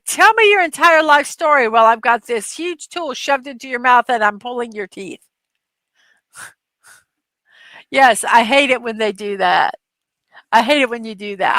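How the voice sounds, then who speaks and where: A middle-aged woman hosts a casual livestream from her desk at home, her voice sitting a little high and sounding bright and forceful. She rambles through stories with plenty of fillers and laughter. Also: no room sound. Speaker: livestream host.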